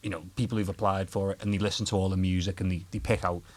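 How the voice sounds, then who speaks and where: A young adult man with a Scouse accent, a guest guitarist telling animated stories, laughing and swearing often in casual podcast chat. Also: sits low, very fast. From Liverpool, England.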